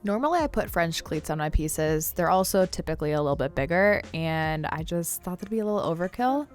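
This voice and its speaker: A woman's voice: fairly low pitch, lively intonation, a little fast, faint music behind. A woman woodworker narrating her build in a chatty, wry voice-over. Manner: wry and chatty, with dry jokes. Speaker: woodworker and channel host.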